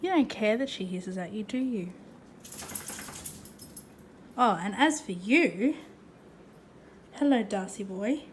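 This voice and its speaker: A woman's voice: mid-range voice, lively intonation, measured pace, a little hiss or hum. A woman vlogging in a chatty, casual way, cooing at her pets. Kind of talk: casual vlog chat. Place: outdoors in front of an ice cream shop, then at home.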